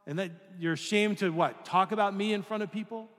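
Male pastor, conversational sermon, rhetorical questions, slightly high voice, long hall reverb. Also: brisk, a bit bright.

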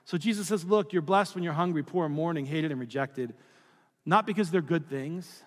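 A man's voice: on the high side, moderate pace. A middle-aged man preaching a sermon as pastor, in a conversational, storytelling way with casual asides. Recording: long hall reverb.

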